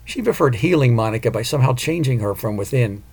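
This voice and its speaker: A man reading a novel aloud in an even, measured storytelling manner. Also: medium pitch, husky. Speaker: audiobook narrator. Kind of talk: scripted narration.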